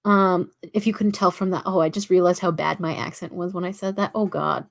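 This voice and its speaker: A woman's voice: lowish voice, steady tone, a little fast, creaky. A young woman from Toronto with a Canadian accent, hosting a casual writing livestream, chatty and full of fillers as she reads viewer comments aloud. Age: about 19.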